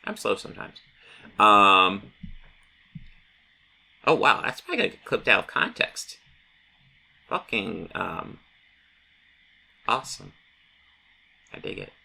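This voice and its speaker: A man's voice: lowish voice, very animated, slow pace, creaky, long pauses, pushed and bright, husky. A man hosting a channel, recapping a comic in a casual, rambling way with many fillers. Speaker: comic book channel host.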